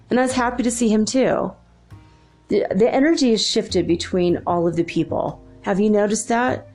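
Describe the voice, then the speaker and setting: A woman's voice: medium pitch, moderate pace, warm tone, faint music behind. A woman and mother talking in a casual, rambling spiritual monologue, laughing often as she shares stories. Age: adult with children. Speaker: spiritual channel host.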